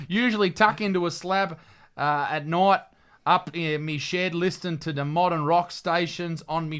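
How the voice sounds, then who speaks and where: A man with a distinctly high voice and an Australian accent. He hosts a comedy show with crude, loud banter, swearing freely and laughing as he reads captions aloud. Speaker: host. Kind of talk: comedic commentary.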